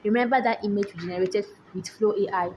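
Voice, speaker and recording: A woman, hosting a screen-recorded software tutorial and often checking in with rhetorical questions. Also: medium pitch, fast talker, slight background noise, rough recording. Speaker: tutorial host. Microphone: voice-over on screen recording.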